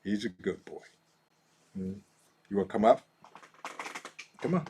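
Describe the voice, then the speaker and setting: A man's voice: lowish voice, animated, a little slow, breathy edge. A man hosts a casual live stream, reading out viewer comments, laughing easily and coaxing his dog. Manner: easygoing, laughs often, talks softly to his dog.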